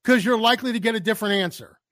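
High-voiced male co-host, dry wry riffing, relaxed banter. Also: rapid-fire. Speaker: podcast co-host. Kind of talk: casual comedic chat.

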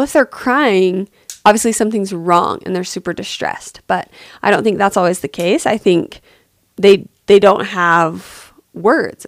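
Gentle, empathetic woman advising parents. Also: medium pitch, no room sound, clean studio sound. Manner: gentle, empathetic, thinks aloud with fillers. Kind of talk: podcast advice answer.

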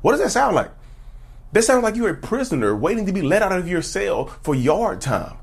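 A man's voice: sits high, sing-song, fairly quick, vocal fry, breathy edge. A man talking casually to camera as a self-help YouTuber, emphatic and preachy, firing off rhetorical questions. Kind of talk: casual direct-to-camera advice talk.

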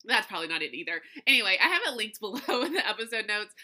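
Woman, podcast host, very bright voice, chatty, laughs a lot, light lilt. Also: medium pitch, very animated, rapid-fire. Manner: chatty and warm toward listeners, laughs often, trips over words. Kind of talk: casual solo podcast talk.

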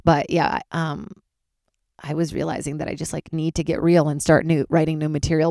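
Tired female comedian, low-ish gravelly voice, candid and swearing, dry close sound. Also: fairly even intonation, brisk, mellow, no room sound. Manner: candid and loose, swears freely. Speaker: stand-up comedian and podcast host. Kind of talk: casual solo podcast chat.

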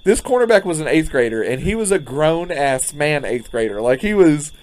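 A man's voice: a little high, expressive, moderate pace. A man, a podcast co-host telling a story in casual chat, laughing often. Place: front porch, outdoors.

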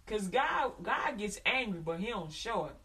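Bright-voiced woman preaching. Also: medium pitch, normal speed, recorded from a distance. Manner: animated storytelling, acting out family voices, chanting prayers. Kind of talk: sermon.

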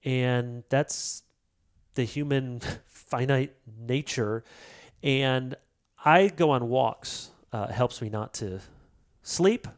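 A man as an interview guest, talking about prayer in a lively storytelling way and acting out quoted lines. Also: mid-range voice, slow. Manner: animated storyteller, acts out quotes. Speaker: author and pastor guest. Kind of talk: casual interview talk.

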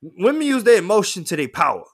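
A man guesting on a casual podcast, talking in a high voice that leaps around in pitch. He tells stories with lots of energy and acts out the people in them. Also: fast talker. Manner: animated storyteller, acts out voices. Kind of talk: casual chat.

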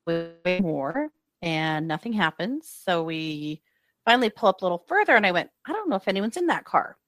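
A woman's voice: lowish voice, a little fast, dry recording, clean studio sound, faint music behind. Woman retelling a road-trip story. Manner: lively retelling with acted-out quotes. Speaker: true crime podcast co-host. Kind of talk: casual storytelling chat.

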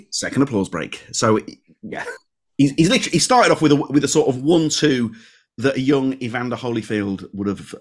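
Male podcast co-host, mid-pitched, chatty, self-deprecating, reads out listener mail. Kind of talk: casual podcast chat.

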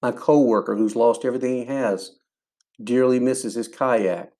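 A man, older, hosting a faith podcast and telling a personal story in an earnest, animated way, acting out what people said. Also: medium pitch, normal speed. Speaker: podcast host.

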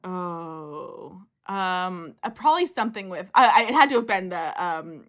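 A woman's voice: on the low side, expressive, unhurried, a bit bright. A young woman co-hosting a podcast, chatting in a casual, upbeat way with lots of fillers. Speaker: podcast co-host. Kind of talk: casual chat.

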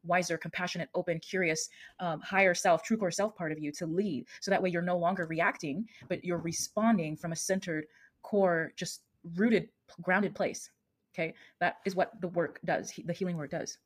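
A woman's voice: on the low side, steady tone, moderate pace, slightly rough. A woman in her thirties hosting a solo podcast as an emotional coach, talking earnestly and often rephrasing herself.

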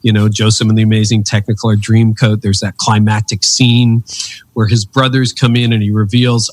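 In a conversational interview, a guest author in his fifties tells stories with earnest, preacherly emphasis, animated and full of lively swings. His voice is lowish and fairly quick, captured in a dry recording.

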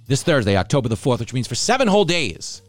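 A podcast host from Long Island, New York, runs a casual comedy show, joking sarcastically about himself and the news. His medium-pitched voice is fast with big pitch swings, and faint music plays behind him with no echo.

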